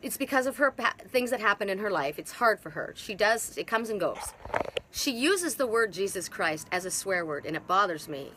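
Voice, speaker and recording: Woman, middle-aged, emphatic, repetitive, spiritual monologue, outdoors, bright tone. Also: mid-range voice, expressive, normal speed, a little hiss or hum. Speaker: twin soul facilitator. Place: outdoors in hot humid weather.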